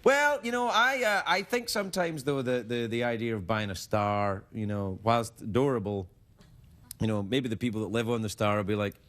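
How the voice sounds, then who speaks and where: A man's voice: medium pitch, normal speed, a bit bright. A male talk show host bantering playfully with a guest, teasing and joking in a late-night studio. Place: TV studio with audience.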